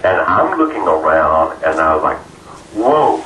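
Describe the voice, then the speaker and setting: A man being interviewed, telling a personal story in an earnest, halting way with many fillers. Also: a bass voice, sing-song, bright, forceful tone. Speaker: interview guest. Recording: roomy, distant mic, faint noise.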